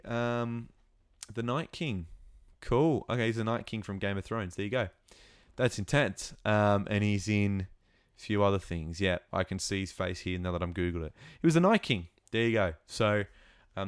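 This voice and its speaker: A young man recapping a show episode in a casual, excitable and rambling way, with lots of fillers and restarts. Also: lowish voice, dry recording, clean studio sound. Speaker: show reviewer.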